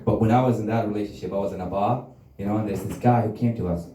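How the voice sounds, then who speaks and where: A man's voice: fairly low pitch, steady tone, fast, a crowd in the background. A man doing a crude, rambling stand-up comedy set and laughing at his own jokes. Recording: roomy, from a distance.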